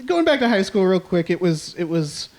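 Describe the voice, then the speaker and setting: Slightly high-voiced man telling rambling stories. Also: very animated, moderate pace. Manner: rambling, self-mocking, laughs often. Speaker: podcast guest. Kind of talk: casual storytelling chat.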